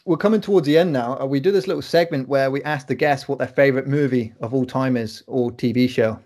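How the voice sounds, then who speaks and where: A man's voice: medium pitch, fast, a little mellow. Guy hosting a chat show, easygoing, telling a story, ordinary mid-range voice. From England. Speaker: podcast host. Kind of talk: conversational interview.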